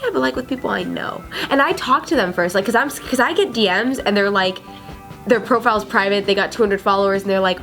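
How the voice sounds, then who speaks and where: A woman's voice: mid-range voice, fast talker. Chatty woman with faint background music. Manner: chatty, animated storytelling. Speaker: commentator. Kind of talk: casual panel chat.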